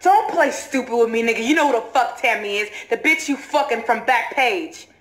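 An angry woman with a high voice talks to her viewers in casual, cursing slang, then turns on her partner. She sounds distant from the mic in a roomy, echoing space with faint noise. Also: brisk, a bit bright. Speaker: vlogger. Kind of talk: talking to camera, then confronting.

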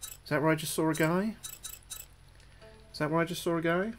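A British gaming livestreamer talks through each move of his live gameplay in a fairly quick, steady, slightly high voice over soft background music. He's chatty, repeats his own phrases, thanks viewers between moves, and turns jumpy and loud when something spooks him.

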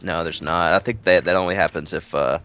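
A man's voice: deep voice, fairly even intonation, brisk, fairly bright tone, a little hiss or hum. A man chatting bluntly while playing a game, swearing freely. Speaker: gamer. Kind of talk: casual gaming chat.

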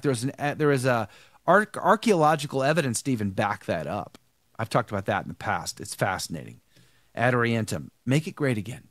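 Male host, lively up-and-down delivery, emphatic, stumbles and restarts, tired, dry mic. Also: mid-range voice, no echo. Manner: emphatic, repeats himself, many restarts. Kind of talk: casual live show commentary.

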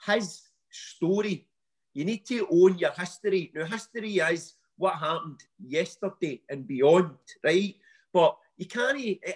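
A man with a West of Scotland accent, a coach talking as a podcast guest in an animated, emphatic and blunt way, using local slang. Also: on the high side. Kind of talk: podcast interview, motivational talk.

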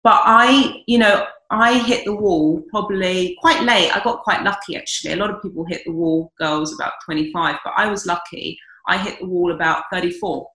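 Blunt forties woman dating coach, bright forceful tone, slightly low pitch, echoey room. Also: normal speed, few pauses. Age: 40s. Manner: blunt, emphatic, swears freely. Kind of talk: podcast guest giving advice.

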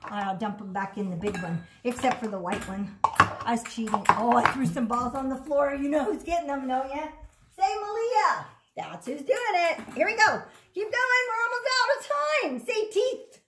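A woman speech therapist leading children through a slow, enthusiastic word-practice game. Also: sits high, lively intonation, a bit bright, a little hiss or hum. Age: adult. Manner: slow, enthusiastic coaching prompts.

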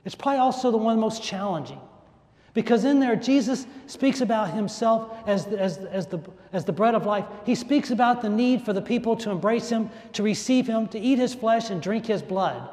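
A man's voice: high voice, expressive, normal speed, a little mellow. A man preaching a homily in an emphatic way, repeating phrases for stress and letting his voice rise and fall. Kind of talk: sermon. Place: large church. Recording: echoey church hall.

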